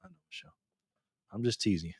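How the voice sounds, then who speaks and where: A man's voice: on the low side, rapid-fire, slightly rough, no echo. Middle-aged guy chatting on his stream, laughs a lot, teases people, dry close mic sound. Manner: lively, teasing, laughs often, reacts to chat. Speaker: live stream host. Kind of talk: casual live stream chat.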